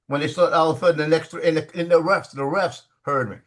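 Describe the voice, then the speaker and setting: A man with a slightly high voice and quick pace recounts a basketball story over a video call. Animated and casual, he performs the quoted lines as he goes.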